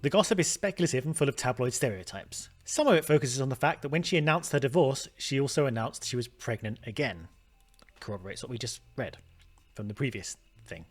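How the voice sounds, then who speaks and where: Hosting a let's play of a detective game, a man thinks aloud, often trailing off mid-sentence and starting over. His husky, medium-pitched voice is animated and a little fast, with soft music playing behind him.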